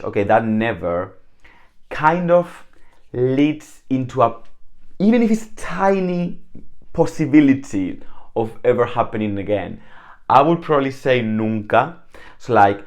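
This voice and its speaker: A man from Spain with a Spanish accent, teaching a casual online language lesson, chatting and repeating words slowly to explain. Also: mid-range voice, expressive.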